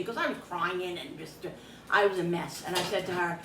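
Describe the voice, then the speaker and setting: A woman's voice: lowish voice, fairly quick. Exasperated New woman telling a story. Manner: animated, exasperated retelling with quoted dialogue. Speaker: cooking vlogger. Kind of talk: casual storytelling while cooking. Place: home kitchen. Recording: echoey room, distant mic, background hum.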